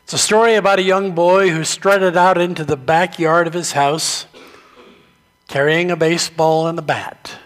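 A man preaching a sermon, telling stories slowly and deliberately. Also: a little high, fairly even intonation. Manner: slow, deliberate storytelling delivery. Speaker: pastor.

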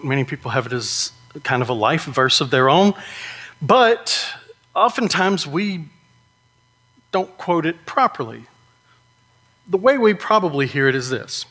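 A man preaching a sermon in a conversational way, often asking "right?" and slowing down to stress key points. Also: a little high, lively intonation, sharp tone. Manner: conversational, with frequent rhetorical "right?".

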